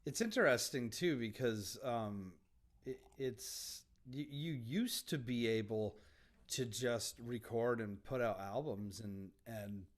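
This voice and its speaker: A man's voice: medium pitch, slow pace. A man hosting a casual chat, agreeable and prompting his guest with short replies. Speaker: show host.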